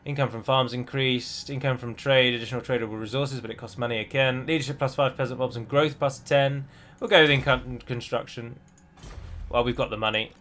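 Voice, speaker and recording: Bright-voiced man narrating a game. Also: mid-range voice, steady tone, a little fast. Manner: chatty, self-deprecating, thinks aloud. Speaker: game streamer. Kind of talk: let's play commentary.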